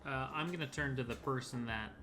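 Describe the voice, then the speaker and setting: A man playing a tabletop role-playing game, declaring his moves in a halting, repetitive way. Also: mid-range voice, bright, forceful tone, soft background music. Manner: halting, repeats words while declaring actions. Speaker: player.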